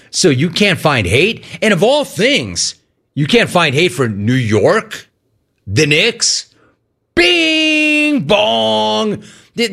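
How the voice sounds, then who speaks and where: Animated sports radio host man. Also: fairly high pitch. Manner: animated, quick delivery with mock impressions. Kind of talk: reading listener messages on sports radio.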